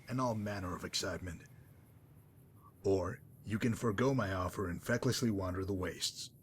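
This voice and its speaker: A man's voice: lowish voice, fairly bright tone, a little hiss or hum, natural voice. A man voicing a smug sardonic mercenary. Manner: dry, mocking, wordy and unhurried. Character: smug sardonic male messenger-mercenary, adult. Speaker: game character. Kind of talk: voiced game dialogue.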